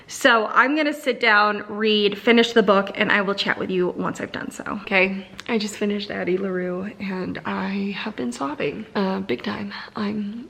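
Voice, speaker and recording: A woman's voice: mid-range voice, normal speed, vocal fry, hardly any pauses, fairly bright tone, slightly rough. A young woman chatting casually in a home vlog about books, gushing and full of "like" fillers. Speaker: book vlogger.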